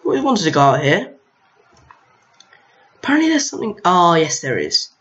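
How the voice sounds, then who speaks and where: This young gaming host's high, fairly bright voice swoops wildly in pitch at a moderate pace. Mildly exasperated, he casually narrates his own gameplay and talks to the enemies on screen. It's captured with a lo-fi home mic.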